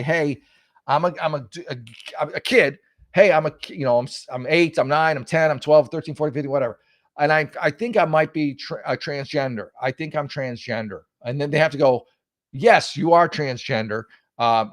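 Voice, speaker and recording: A man's voice: on the high side, no echo, clean studio sound. Sarcastic man ranting on a talk show. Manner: mocking, sarcastic, many restarts and stammers. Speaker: host. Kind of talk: solo political talk show, casual rant.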